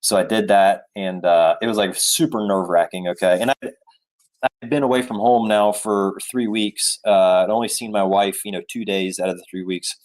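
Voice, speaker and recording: A middle-aged man telling a chatty, animated travel story to a live chat, with many fillers and asides. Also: on the low side, normal speed. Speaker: travel vlogger.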